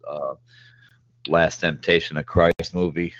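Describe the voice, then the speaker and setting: A man in casual chat who talks haltingly, with many fillers and restarts. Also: extremely low pitch, flat delivery, lo-fi sound.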